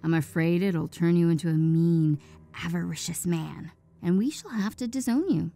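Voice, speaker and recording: A woman's voice: lowish voice, normal speed, gravelly, warm tone, faint music behind. A woman voicing a playful young son who teases his father, in a storybook reading. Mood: teasing.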